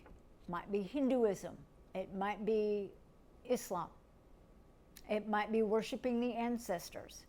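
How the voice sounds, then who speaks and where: A middle-aged woman from the United States, teaching a lecture in a gentle, step-by-step way and asking her listeners questions. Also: on the high side. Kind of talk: recorded lecture.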